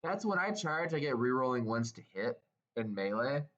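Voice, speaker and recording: A man's voice: medium pitch, big pitch swings, normal speed, a bit bright, lo-fi sound. An enthusiastic man teaching tabletop wargame list building, tripping over his words as he explains, followed by a camera operator. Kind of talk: excited casual explanation. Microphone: camera held by helper, moving about.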